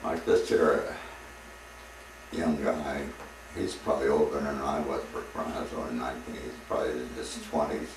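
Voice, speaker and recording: A man's voice: a bass voice, level tone, normal speed. A man in his seventies, a war veteran, telling old stories in a rambling way and chuckling between them. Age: 70s. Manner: rambling storyteller who chuckles between anecdotes. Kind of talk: recounting war memories. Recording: echoey room with distant mic and faint noise.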